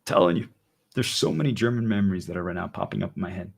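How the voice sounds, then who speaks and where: A man's voice: low-pitched, fast talker, vocal fry, breathy edge. A man talking casually and earnestly to his viewers, rambling and often asking whether they understand. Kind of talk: casual monologue to an audience.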